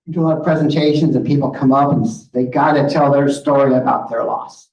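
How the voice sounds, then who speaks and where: A man's voice: mid-range voice, steady tone, quick pace, darkish tone, a little hiss or hum. A middle-aged man giving an earnest, direct talk with slides, often checking in with "okay?". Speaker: guest speaker on grief. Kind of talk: presentation with slides. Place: meeting room. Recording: roomy, distant, muffled room audio.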